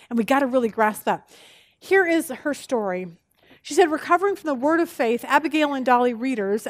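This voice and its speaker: Woman bible study teacher, lively and expressive, high voice, dry sound. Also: dry recording. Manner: animated, expressive, tells jokes.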